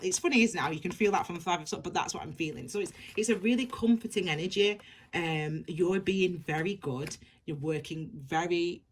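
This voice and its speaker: A woman's voice: on the low side, husky. A woman giving a tarot reading, rambling and repeating herself as she gushes reassurance at her viewers. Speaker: tarot reader.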